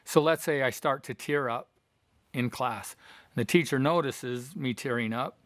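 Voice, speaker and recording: A man's voice: medium pitch, unhurried, no room sound. Earnest man giving a dry motivational talk. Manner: earnest, explains with personal examples and questions to viewers. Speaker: life coach.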